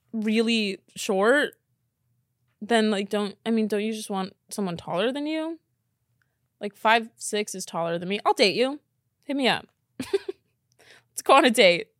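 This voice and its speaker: A woman hosting a podcast in casual reaction chat, blunt and expressive, swearing casually. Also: mid-range voice, no echo, studio quality. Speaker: podcast host.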